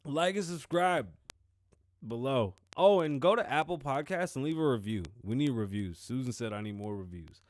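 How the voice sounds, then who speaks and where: A man's voice: medium pitch, a little fast, few pauses, a little mellow. A man from the Bronx with a Bronx New York accent, hosting a podcast in a loose, rambling monologue, laughing and swearing often, recorded close to the mic. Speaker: podcast host. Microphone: close-up microphone.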